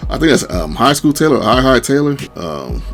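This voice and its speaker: A man commentates his own video game replay in a loose, slangy way, leaning on "man" and "you know." His pitch swings widely, shooting high when he quotes his own disbelief. Faint music plays underneath. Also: moderate pace. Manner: animated, jumps to high pitch when quoting himself; relaxed slang, fillers like "man". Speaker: gaming commentator. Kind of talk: casual gameplay commentary.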